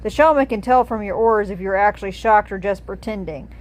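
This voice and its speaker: A cold, disdainful female banshee, played by a woman reading a storybook game aloud. She talks in a curt, haughty way, as if everyone around her is slow. Mid-pitched, plain and direct. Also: close to an everyday voice, poor audio.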